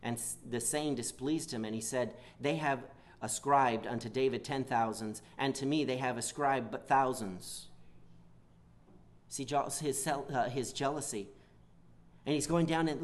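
Male preacher, mid-pitched, halting delivery with many restarts, slips into a pleading voice for quotes. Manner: halting, repeats words, acts out quoted whining. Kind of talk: sermon.

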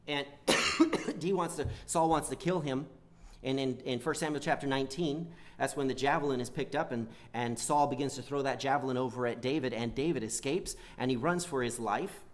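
A man preaching a sermon, often restarting and repeating words as he goes, and acting out the quoted lines in a pleading tone. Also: medium pitch. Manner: halting, repeats words, acts out quoted whining.

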